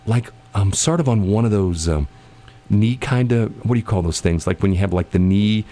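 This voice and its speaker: A man's voice: fairly low pitch, moderate pace, mellow. A man casually telling a long anecdote in conversation, rambling with many restarts and bursts of laughter. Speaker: storyteller in a conversation.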